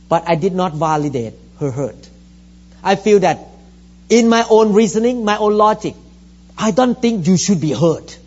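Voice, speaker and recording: Man, middle-aged, pastor; high voice, emphatic repetitive sermon, dull lo-fi recording. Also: darkish tone. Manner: emphatic, repetitive preaching with scripture reading.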